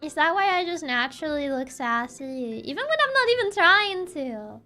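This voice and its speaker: A young woman streaming casually, soft-spoken and sassy, who laughs often while chatting with her viewers. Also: sits high, very animated, moderate pace, faint music behind. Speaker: VTuber streamer. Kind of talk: casual livestream chat, reading chat aloud.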